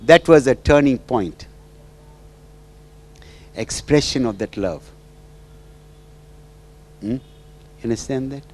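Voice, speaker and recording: A man's voice: medium pitch, takes it slowly, long pauses, darkish tone. A man giving a storytelling talk as a marriage counsellor, who often checks in with the audience by asking "right?" and "hmm?". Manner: checks in with the audience through repeated "right?" and "hmm?", with sing-song asides. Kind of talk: storytelling lecture.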